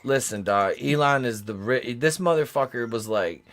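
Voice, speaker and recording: A man on a talk show rambles through a crude story. He swears constantly and keeps restarting his sentences. His voice sits at an ordinary middle pitch. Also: animated, moderate pace, a bit bright. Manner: rambling and profane, acts out voices in his stories. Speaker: podcast co-host. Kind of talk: crude comedic riffing.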